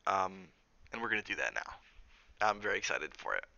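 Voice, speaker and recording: A man reading a novel aloud on stream in a brisk, plain way, with casual asides. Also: low-pitched, sing-song, gravelly, bright, forceful tone, no echo, highs cut off.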